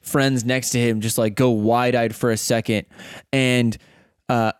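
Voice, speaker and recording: A man's voice: mid-range voice, little pitch movement, measured pace, clear, resonant tone, no echo, clean studio sound. A man running a tabletop game as game master, narrating casually with lots of laughter, filler words and swearing.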